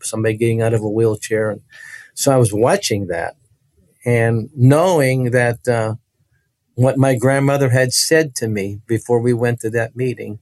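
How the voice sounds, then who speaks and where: A man's voice: mid-range voice, normal speed, a little mellow, no echo. A man telling his personal faith testimony in conversation, earnest and vivid, with frequent restarts.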